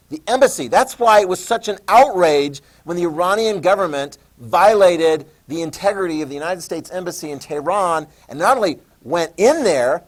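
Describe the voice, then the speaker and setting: A man teaching a history lesson, telling events as a lively story, repeating key terms for note-taking and briefly mimicking leaders in quick voices. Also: fairly high pitch. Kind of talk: classroom lecture.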